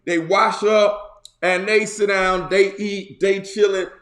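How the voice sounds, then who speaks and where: A male pastor preaching a sermon, retelling a story in colloquial slang with lively asides. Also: high voice, slow. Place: church. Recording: roomy echo.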